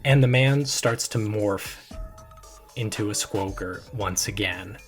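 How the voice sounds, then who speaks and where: A man narrating as game master of a tabletop game in a slow, measured storytelling manner. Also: lowish voice, husky, faint music behind.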